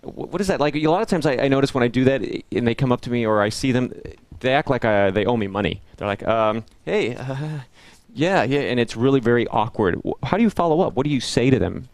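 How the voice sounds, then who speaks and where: A man's voice: mid-range voice, expressive, fast talker, few pauses, no room sound. A man co-hosting a casual talk show who asks questions and often restarts his sentences. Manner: hesitant, repeats words as he works out his thoughts. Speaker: co-host of a street evangelism web show. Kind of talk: casual chat, asking questions.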